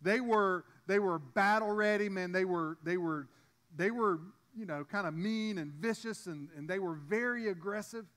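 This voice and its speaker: A man's voice: sits high, normal speed, fairly bright tone. A man preaching a sermon as pastor, in a conversational way with frequent restarts and asides to the congregation.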